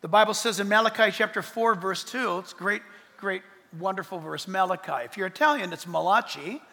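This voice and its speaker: A man preaching a sermon as a pastor, animated, swinging from loud bursts to hushed asides and dropping in jokes. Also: sits high, brisk, in a large hall.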